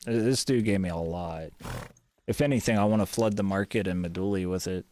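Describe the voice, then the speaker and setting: A man streaming a game live, grumbling and swearing, his voice swinging between loud gripes and quiet mutters. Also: low-pitched, fairly quick. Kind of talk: live gameplay chat.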